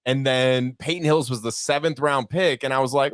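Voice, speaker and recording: A man's voice: medium pitch, fairly even intonation, fairly quick, clear, resonant tone, no echo. Joking male podcast guest, dry studio sound. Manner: jokey, teasing, tells long stories. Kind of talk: casual sports chat.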